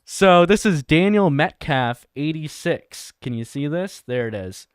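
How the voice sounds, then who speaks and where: A man's voice: a little high, expressive, unhurried, clear, resonant tone, no echo, clean studio sound. A man hosting a satirical livestream, reading chat and video descriptions aloud with crude jokes and frequent laughter. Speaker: livestream host.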